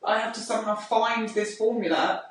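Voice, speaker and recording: Woman, casual podcast chat, expressive ranting storyteller, very echoey room, distant mic. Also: a little high, normal speed. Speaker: podcast co-host, mother.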